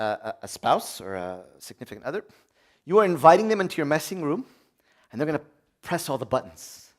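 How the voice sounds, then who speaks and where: Male preacher, sermon delivery, highly animated pitch, urgent peaks and hushed asides. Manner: animated, swings from loud high urgency to quiet low asides.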